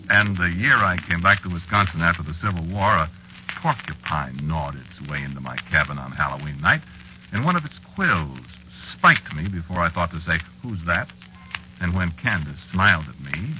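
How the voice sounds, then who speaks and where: A low-voiced, ageless husband muses wistfully over the long years. His delivery swings up and down with feeling. Music plays behind him on a dull, muffled old radio recording. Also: pushed and bright, heavily acted. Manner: wistful, musing, nervously evasive in dialogue. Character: ageless man wed to a witch, wistful. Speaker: narrator. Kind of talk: 1940s radio acting.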